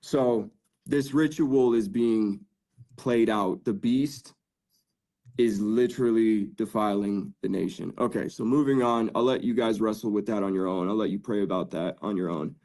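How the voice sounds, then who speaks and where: A man's voice: on the low side, normal speed, dark tone. A man on a podcast telling his faith testimony in an earnest, casual way, full of "dude" and "like". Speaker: podcast guest.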